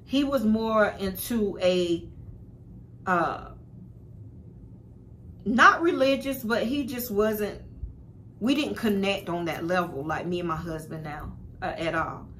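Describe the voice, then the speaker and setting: Slow and full of pauses, this young adult woman's medium-pitched voice has a fairly bright tone, with slight hiss or hum in the background. She's a spiritual vlogger sharing something personal with her audience, speaking bluntly and casually, cursing, and addressing them as "y'all" a lot.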